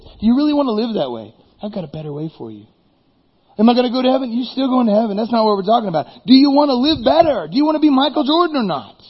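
A man preaching a sermon as pastor, animated, firing rhetorical questions and then dropping suddenly quiet. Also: high voice, husky. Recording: dull reverberant hall recording.

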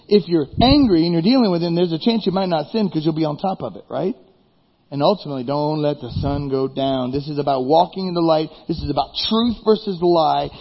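A man preaching a sermon as pastor, animated, firing rhetorical questions and then dropping suddenly quiet. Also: sits high, husky. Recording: dull reverberant hall recording.

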